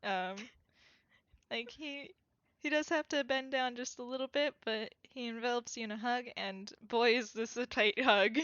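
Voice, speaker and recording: A woman narrates her character's actions in a casual tabletop role-play, halting often and filling the gaps. She speaks slowly, her voice a touch high, and the recording is dull, lo-fi and dry. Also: fairly bright tone, no echo. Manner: halting, with many fillers.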